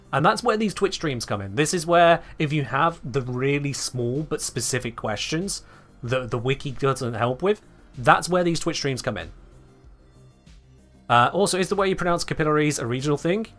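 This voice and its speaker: A man's voice: mid-range voice, a bit bright. A man from England with an English accent, chatting casually and wryly to his live-stream chat. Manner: chatty, wry, talking to chat. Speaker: game streamer.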